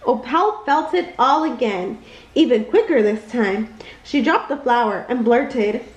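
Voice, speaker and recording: Lively, high-voiced woman reading a bedtime story. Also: unhurried, reverberant, poor audio. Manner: expressive, jumps high for characters' lines. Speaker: storybook reader. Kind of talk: bedtime read-aloud.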